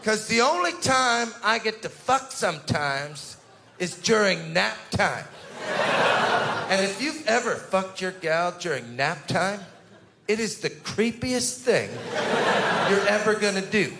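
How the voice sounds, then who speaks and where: Guy doing filthy stand-up, high and bouncy voice, loud noisy crowd. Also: very animated, slow pace. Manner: crude, profane punchlines. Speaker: stand-up comedian. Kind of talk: stand-up routine. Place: comedy club stage with a laughing crowd. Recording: live club recording, loud crowd and noise.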